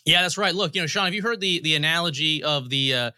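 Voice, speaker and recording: Bright-voiced male interview guest. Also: on the high side, quick pace, clear, resonant tone, dry recording, studio quality. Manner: explanatory, storytelling with analogies. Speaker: guest, federal commissioner. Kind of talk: interview answers.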